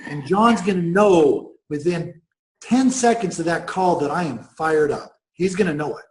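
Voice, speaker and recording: A middle-aged man giving a sales training talk, energetic and emphatic. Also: fairly high pitch, a little slow, reverberant, slight background noise, low-quality recording.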